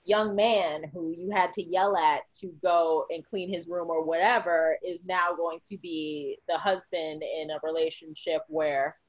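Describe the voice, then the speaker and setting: A woman's voice: sits low, fairly even intonation, measured pace, hardly any pauses, no echo. A woman hosting a podcast conversation, chiming in with short affirmations and follow-up remarks. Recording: slightly dull lo-fi audio.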